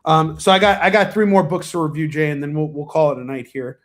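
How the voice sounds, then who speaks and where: A man with a somewhat high voice talks through comics on a casual stream. He rambles with lots of fillers and restarts, and he gets enthusiastic. A cough breaks in now and then. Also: steady tone, fast talker. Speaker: comic book reviewer, stream host. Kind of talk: casual livestream review chat.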